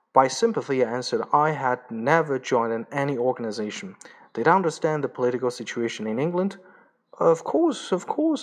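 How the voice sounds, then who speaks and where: A man reads a story aloud at a middling pitch. His narration is plain and steady. Now and then he stumbles and restarts a word. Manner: plain reading with small slips and restarts. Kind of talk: audiobook reading.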